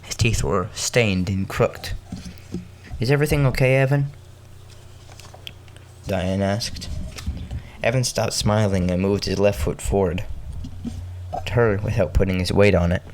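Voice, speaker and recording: A man hosting a podcast, reading a story aloud with halting restarts and joking asides. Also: low voice, steady tone, darkish tone, slight background noise. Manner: halting, self-correcting, joking asides between coughs.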